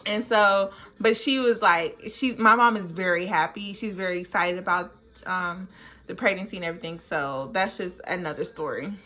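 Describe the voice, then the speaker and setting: A young woman vlogger telling a personal story casually, jumping high in pitch to act out what people said. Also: moderate pace. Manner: animated, jumps high in pitch when acting out what people said.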